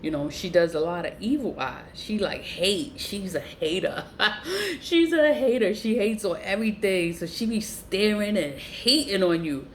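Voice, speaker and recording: A woman vlogger delivers a casual storytime rant, profane and animated. She laughs often, and her voice leaps high whenever she stresses a point. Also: measured pace, slight background noise. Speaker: vlogger who sells spiritual goods online.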